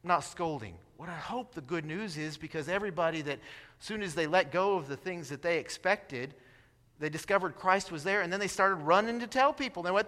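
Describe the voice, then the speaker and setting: Guy preaching in a church, voice pitched up high, big swings from loud to soft, long echo off the sanctuary. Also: lively intonation, fairly quick. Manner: dynamic preaching, swings from loud exclamations to near-whispered prayer. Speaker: pastor. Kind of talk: sermon.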